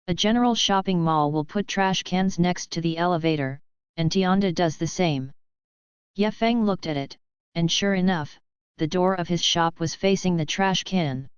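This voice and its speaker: A woman narrates an audiobook in an even, steady read. Her voice is low and very clear, set in a dry, close space, and the recording sounds slightly dull and muffled. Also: normal speed, no echo. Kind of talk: scripted narration.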